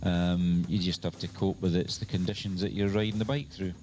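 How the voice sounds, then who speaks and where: A man co-hosting a live radio show, chatting calmly and explaining things. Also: low-pitched, a little fast. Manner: relaxed, knowledgeable, explains calmly. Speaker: radio co-host. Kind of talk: casual live radio chat.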